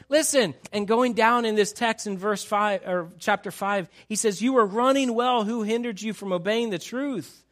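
A man preaching a sermon to his congregation, animated and emphatic, teasing the crowd and acting out quotes. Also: high voice. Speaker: pastor.

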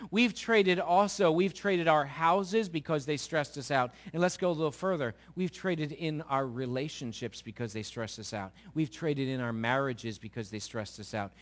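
A middle-aged man preaching a sermon to a live congregation, asking the audience questions and acting out quotes. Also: a little high. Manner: animated, asks the audience questions, acts out quotes.

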